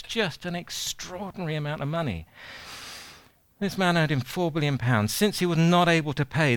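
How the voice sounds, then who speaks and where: A man preaching a sermon in a conversational way, retelling a parable with animated asides. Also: a little high, dry recording.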